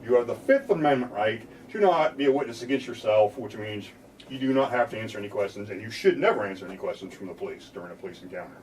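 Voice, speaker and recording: Plain-spoken American lawyer explaining rights. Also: male voice, on the low side, expressive, fast, recorded from a distance, slight background noise, low-quality recording. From United States. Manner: plain-spoken, acts out police lines with a laugh. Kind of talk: explaining legal rights to viewers.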